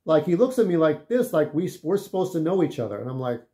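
A man tells casual stories in a rambling, profane way and keeps checking in with the listener. His voice sits a little high for a man. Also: sing-song, quick pace, dark tone. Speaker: vlogger. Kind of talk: casual storytelling.

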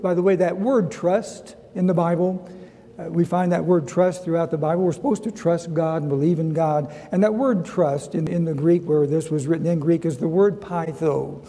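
A middle-aged man with a Southern US accent teaching a Sunday school Bible lesson, earnest, repeating key phrases and slowing down to read scripture. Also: fairly high pitch, vocal fry, warm tone. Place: church sanctuary. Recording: long reverb of a church hall.

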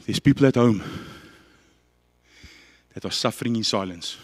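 A man with a South African accent preaching a passionate, dramatic sermon that swings between loud and quiet. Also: lowish voice, normal speed, husky, big-room sound.

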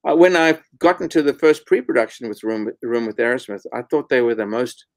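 Middle-aged man, blunt storyteller, mid-pitched voice, dry close sound. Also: expressive, a little fast, creaky, no room sound. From South Africa. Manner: blunt, candid storyteller, swears freely. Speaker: guest, record producer. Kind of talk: casual interview chat.

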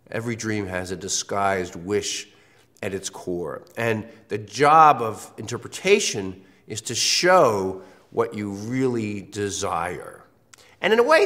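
A man's voice: medium pitch, a bit bright. A male university lecturer with congestion from a cold, talking conversationally through a recorded course lecture and repeating key phrases for emphasis.

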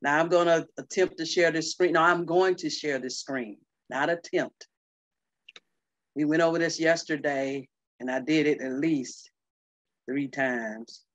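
A woman presenting a historical tribute on a video call, excited and fumbling with screen sharing. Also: sits low, dry recording. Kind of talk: casual presentation. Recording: dry, muffled call audio.

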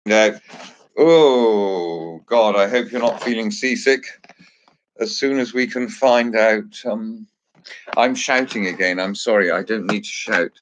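A man's voice: lowish voice, slow pace, a little hiss or hum. A man hosting a casual chat, joking and chatty with theatrical asides. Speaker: host.

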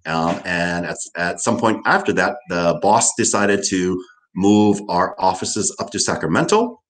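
Older man, Hawaiian Pidgin accent, interview guest, very lively pitch, chatty, says "right" a lot. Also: a little slow, a little hiss or hum. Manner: animated, repeats "right" often. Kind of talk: casual interview.

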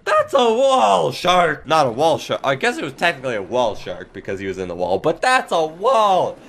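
Jokey gamer guy with lively pitch. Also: normal speed, a little hiss or hum. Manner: jokey, prone to voice cracks. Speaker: gaming YouTuber. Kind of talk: comedic gameplay commentary.

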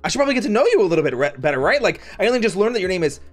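A man hosting a streamed café roleplay, playful and flirty, who often squeals high and laughs. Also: very animated, racing, over music. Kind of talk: casual live-stream chat and café roleplay.

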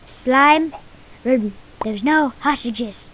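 Woman gamer, high and bouncy voice, live commentary over noisy clicks. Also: measured pace, long pauses. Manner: excitable, talks to game creatures, bursts of cries. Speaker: gamer playing a minigame server.

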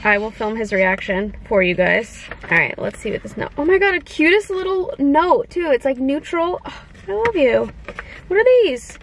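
A young woman in her twenties chatting casually to her viewers as she opens gifts, gushing and gasping with excitement. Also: high-pitched, moderate pace, a little hiss or hum, poor audio. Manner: gushing, excitable, gasps often. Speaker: vlogger. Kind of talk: casual unboxing chat.

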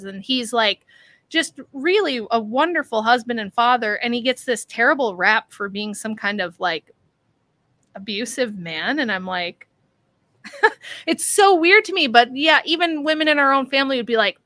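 A chatty, animated woman speaks as a guest on a remote call, her voice bright and a little high. The sound is dry and close, with no room around it. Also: normal speed, no echo. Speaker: author guest. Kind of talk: casual conversation.

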